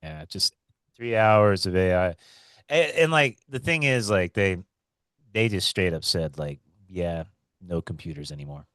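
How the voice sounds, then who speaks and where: A man's voice: on the low side, big pitch swings, unhurried, fairly bright tone, clear, resonant tone, dry recording. A man co-hosting a podcast in casual chat, telling rambling stories and laughing often. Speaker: podcast co-host.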